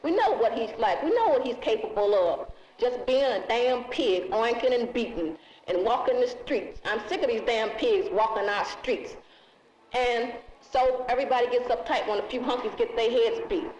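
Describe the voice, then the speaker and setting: A woman's voice: on the high side, normal speed, a little mellow. A woman activist speaking angrily and bluntly in an impassioned street interview, recorded on old film. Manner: angry, defiant, blunt. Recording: echoey, muffled 1960s film audio with faint hiss.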